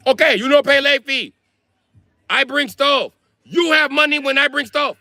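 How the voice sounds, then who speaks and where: A man doing a shrill stingy old landlord. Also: moderate pace, gravelly, pushed and bright, dry recording, soft background music, exaggerated voice. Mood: scolding. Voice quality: high shrill nagging voice in broken English. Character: stingy old male landlord, broken English, scolding.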